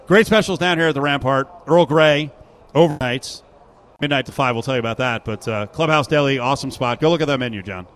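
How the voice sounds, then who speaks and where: A man's voice: mid-range voice, brisk, fairly bright tone. A man hosting a casual sports radio show from a sportsbook, chatting, joking and reading live ads. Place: sportsbook broadcast booth.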